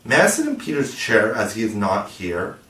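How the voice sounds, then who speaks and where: A man's voice: on the low side, wildly swooping pitch, normal speed, sharp tone, exaggerated voice. A man voicing a boy who grumbles, in a roomy room from a distant mic. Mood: grumbling.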